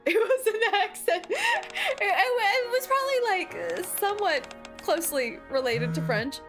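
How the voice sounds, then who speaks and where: A woman with a high, bright voice doing casual let's-play commentary, giggling and reacting with excitable jokes. Loud game music plays behind her. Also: moderate pace. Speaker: game streamer.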